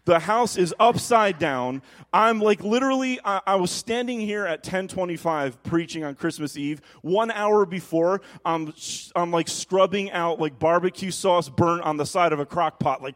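A man in his thirties preaching from a church stage, with a voice that sits a little higher than most men's. He tells his stories with energy, then goes soft and low when he voices what God says. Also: moderate pace, hardly any pauses. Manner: animated storytelling, drops soft and low when quoting God. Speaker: pastor. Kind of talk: sermon.

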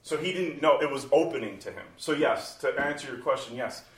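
Pastor, male, 40s, animated talker, recorded from a distance in a roomy space. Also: mid-range voice, fairly quick. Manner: animated, acts out inner voices in quotes. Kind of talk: conversational church talk. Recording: roomy sound from a distant mic.

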